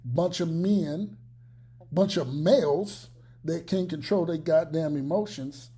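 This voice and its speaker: A man talks through a reaction video in a slow, unhurried drawl. His tone is mellow and soft-edged, yet his words are blunt, profane and preachy. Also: fairly high pitch. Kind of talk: casual reaction commentary.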